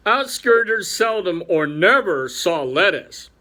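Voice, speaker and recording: A man reading a classic animal story aloud in an unhurried, lively way. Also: sits high. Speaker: reader.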